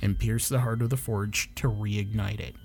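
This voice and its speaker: A man's voice: on the low side, steady tone, moderate pace, a little mellow, breathy edge. A man playing a tabletop role-playing game, earnestly telling a story in character. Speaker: player.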